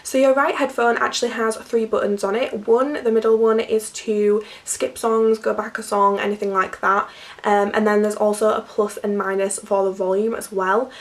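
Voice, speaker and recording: A young woman talks casually through an unboxing, her voice croaky from a cold with a gravelly edge. She chats in a loose, filler-heavy way. She sits a little back from the microphone. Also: mid-range voice, little pitch movement, moderate pace, far from the mic. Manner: chatty, filler-heavy, laughs often. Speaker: vlogger.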